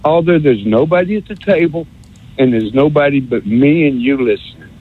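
A man's voice: on the high side, animated, moderate pace, breathy edge. A man calling into a radio show, rambling and sarcastic, stammering over repeated words on a phone line. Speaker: radio call-in caller. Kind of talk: rambling call-in rant. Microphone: telephone.

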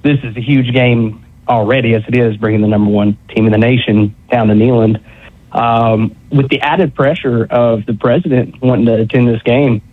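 A man calling a radio show, polite and eager, with filler pauses. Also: medium pitch, slightly rough. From Northeast Tennessee. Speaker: radio caller. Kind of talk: call-in question. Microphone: telephone. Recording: tinny phone line.

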